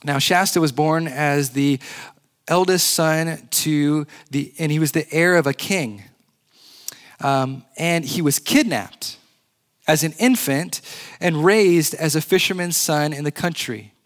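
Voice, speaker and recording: Earnest preacher with a higher voice. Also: male voice, slow. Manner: earnest, repeats key phrases for emphasis. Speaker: pastor. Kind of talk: sermon.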